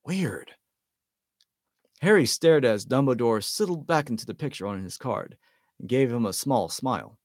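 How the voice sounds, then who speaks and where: Male amateur reader narrating a storybook, animated pitch, dry close sound. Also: normal speed, no echo. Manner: lively, with stumbles and self-corrections.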